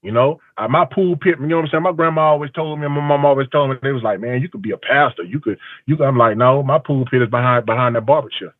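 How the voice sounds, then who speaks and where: Over a tinny, dry phone line, a barber gives call-in testimony in a medium-pitched voice, talking quickly with hardly any pauses and no room sound. He tells stories emphatically, quoting his own conversations.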